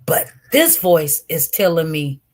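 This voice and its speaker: A woman telling viewers a personal testimony with great intensity, swinging from loud outbursts to hushed murmurs and often repeating herself. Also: deep voice, very animated, takes it slowly. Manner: repetitive, restarts. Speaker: online show host.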